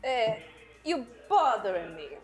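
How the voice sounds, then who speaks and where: Woman playing a gruff irritated male star. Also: a little high, sing-song, takes it slowly, reverberant, soft background music, pitched below the performer's own voice. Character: gruff grown man, irritated basketball star.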